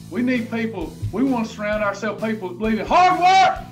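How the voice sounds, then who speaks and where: A man's voice: sits high, expressive, fast, hardly any pauses, soft background music. A man giving a motivational livestream talk, preachy and emphatic, hammering home points by repeating his phrases. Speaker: motivational speaker.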